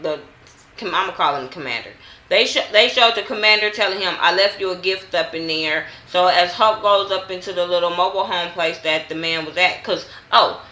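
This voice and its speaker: A woman vlogger recapping a TV episode in a casual, animated way, cursing freely and acting out the characters' lines. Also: mid-range voice, echoey room. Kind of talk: casual recap with heavy profanity.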